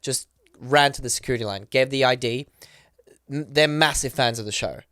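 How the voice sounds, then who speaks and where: Aussie guy on a podcast rattling off a wild story, smooth voice, dry sound, acts out everyone he quotes. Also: medium pitch, dry recording. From Australia. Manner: rapid, excited retelling with many fillers. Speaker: podcast guest. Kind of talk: animated storytelling.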